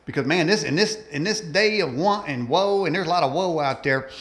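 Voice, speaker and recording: A man's voice: a little high, a little fast, fairly bright tone. A man hosting an interview show who chats in a folksy, self-described cowboy way. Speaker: talk show host. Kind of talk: casual interview chat.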